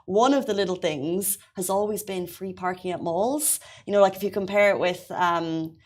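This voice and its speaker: A woman's voice: on the low side, normal speed, a little mellow. A woman co-hosting a casual news show, reading headlines and then chatting loosely. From Ireland. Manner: friendly, reads headlines then chats loosely. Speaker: show co-host.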